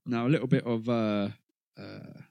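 A man's voice: medium pitch, fairly even intonation, normal speed, creaky, dark tone, no echo. Wry man co-hosting a podcast, dry sound. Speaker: podcast co-host. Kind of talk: casual film review chat.

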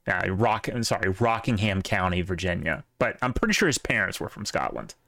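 A man's voice: deep voice, sing-song, fairly quick, gravelly, sharp tone, dry recording, studio quality. A man co-hosting a casual podcast chat, opinionated and rambling, with plenty of fillers. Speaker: podcast co-host.

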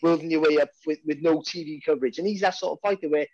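A man's voice: fairly high pitch, fairly even intonation, rapid-fire, darkish tone, dry recording, lo-fi sound. A man with a Welsh accent, a boxing commentator chatting casually and restarting his sentences often. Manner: rambling, many restarts and repeated words. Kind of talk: casual podcast chat.

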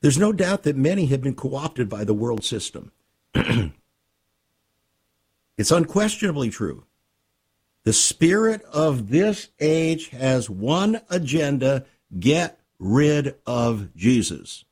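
A man preaching a sermon, slow and emphatic, repeating key phrases, with a slightly husky voice. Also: mid-range voice, very animated, a little mellow. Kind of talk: sermon with ministry book offer.

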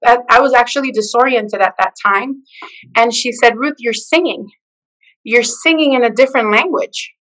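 A woman telling her personal faith testimony in an animated way, acting out the voices of the people in her story. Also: on the high side, moderate pace, rough recording. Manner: expressive storyteller who acts out the quoted lines. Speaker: guest sharing her testimony.

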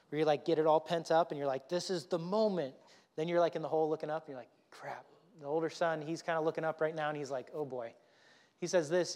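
A man's voice: on the high side, darkish tone. A male pastor giving a casual, conversational sermon with fillers and repeated words. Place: church.

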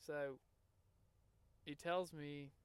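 A man hosting a podcast, telling a personal story in an earnest, emotional way, halting and restarting as he talks. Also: fairly high pitch, steady tone, smooth, dry recording. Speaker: podcast host. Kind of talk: personal story, casual monologue.

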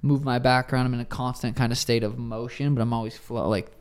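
A man's voice: mid-range voice, fairly even intonation, fast talker, clear, resonant tone. A young adult man in a casual interview, speaking loosely and profanely, often restarting his sentences. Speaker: interviewee, professional fighter.

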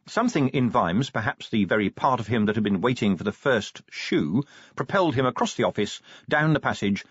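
Expressive male audiobook narrator. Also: fairly low pitch, breathy edge, no echo, lo-fi sound. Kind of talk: scripted narration.

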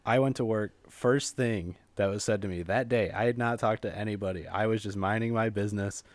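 A man's voice: fairly low pitch, brisk, dry recording. A young man co-hosting a casual chat, telling work stories in a laid-back way with frequent laughs. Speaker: podcast co-host.

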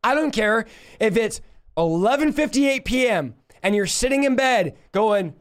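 A young male preacher with a high voice delivers a livestreamed sermon. He talks fast and fervently, like a conversation, and calls out to his listeners as he goes. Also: animated. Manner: fervent, rapid, conversational preaching with call-outs.

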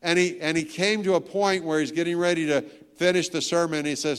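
A man's voice: on the high side, fairly even intonation, a little fast, clean tone. A male pastor in his sixties giving a sermon, telling stories and joking with the congregation, hitting key lines hard. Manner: storytelling, joking with the crowd, emphatic. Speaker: guest pastor.

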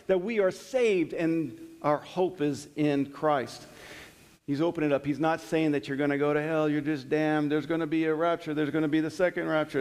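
Middle-aged guy leading bible study, chatty then slow on the verses, kinda high voice. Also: a little mellow. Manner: conversational, reads verses slowly with emphasis. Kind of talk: sermon-style Bible teaching. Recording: long hall reverb.

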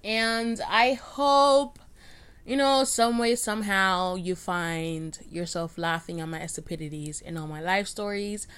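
A woman's voice: on the low side, normal speed, few pauses, a bit bright, clear, resonant tone. A young woman hosting a casual solo podcast, rambling and self-deprecating as she restarts her sentences, recorded on a cheap microphone at home. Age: young adult. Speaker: podcast host. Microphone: cheap USB microphone.

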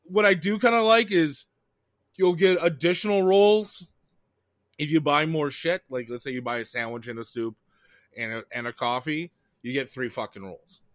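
A man's voice: fairly high pitch, normal speed, fairly bright tone, no room sound, studio quality. A young adult man from Canada, a podcast co-host, in casual chat, heated and profane, rambling as he talks.

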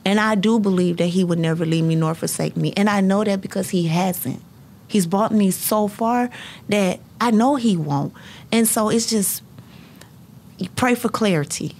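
Gravelly-voiced woman telling her faith story. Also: mid-range voice, normal speed, a little mellow. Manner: earnest and faith-filled, breaks into laughter. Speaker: high school counselor. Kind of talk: personal storytelling in conversation.

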